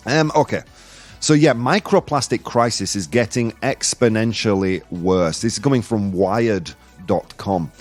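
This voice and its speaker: A man's voice: fairly low pitch, a little slow, faint music behind. A man hosting a casual live-streamed news podcast, joking, rambling and laughing at his own jokes. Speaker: podcast host.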